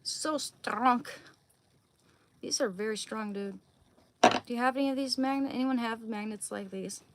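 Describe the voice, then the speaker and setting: A woman livestreaming from her kitchen at home, cooing and whispering softly to her dog and chatting loosely with viewers. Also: on the high side, fairly quick. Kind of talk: casual livestream chat. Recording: clear steady background noise.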